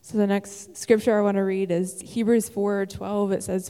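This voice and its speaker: A woman's voice: medium pitch, little pitch movement, moderate pace, hardly any pauses, warm tone, smooth. Earnest woman preaching in a reverberant hall. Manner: earnest, encouraging, with occasional "um" fillers. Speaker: church speaker. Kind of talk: sermon. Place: church sanctuary.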